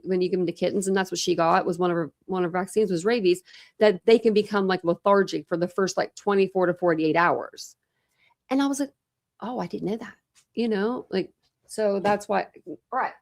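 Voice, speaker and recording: A woman's voice: medium pitch, darkish tone. A woman hosts a casual true crime livestream in a chatty, meandering way. She piles on fillers and restarts as she talks loosely to her viewers. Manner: rambling, filler-heavy, chatty. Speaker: true crime channel host.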